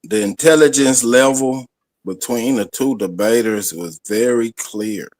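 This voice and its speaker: A man's voice: mid-range voice, unhurried, a little mellow. A man speaking emphatically as a panelist in a casual stream chat.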